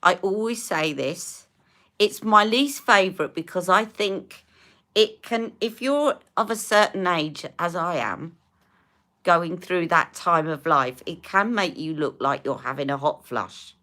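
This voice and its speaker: A woman's voice: lowish voice, measured pace, fairly bright tone. A woman in her fifties chatting casually as a beauty live-stream host, rambling while answering viewers' comments and putting on makeup.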